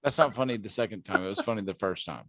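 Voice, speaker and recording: A man's voice: on the low side, expressive, fast, a bit bright. A man co-hosting a podcast, chatting casually with friends in a teasing, exasperated way. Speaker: podcast co-host. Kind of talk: casual chat among friends.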